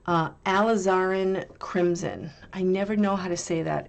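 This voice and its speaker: A woman's voice: on the low side, moderate pace, vocal fry. A woman hosting an art channel, chatting casually and musing aloud as she swatches and reviews paints.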